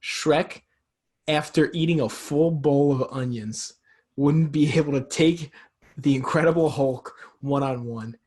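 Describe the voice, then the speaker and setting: A man's voice: fairly high pitch, a little slow, a little mellow. A young man hosting a podcast, chatting casually in a joking, argumentative, teasing way. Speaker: podcast host. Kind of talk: casual chat.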